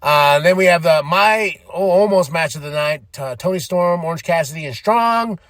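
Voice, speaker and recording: A man's voice: on the high side, moderate pace, a bit bright, no echo, studio quality. A man hosting a podcast, giving rambling, enthusiastic fan commentary and often laughing. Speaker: podcast host. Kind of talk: casual commentary.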